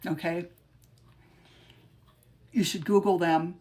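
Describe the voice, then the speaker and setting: A woman podcast host on a livestream, reading her own rhyming poems with emphatic rises and chatting between them in a halting, informal way. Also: fairly low pitch, fairly even intonation, a little mellow.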